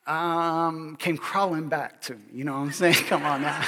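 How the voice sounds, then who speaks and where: Male pastor, high voice, sermon, animated and joking, long church-hall reverb. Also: moderate pace, hardly any pauses, noisy background. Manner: animated and joking, keeps asking "all right?".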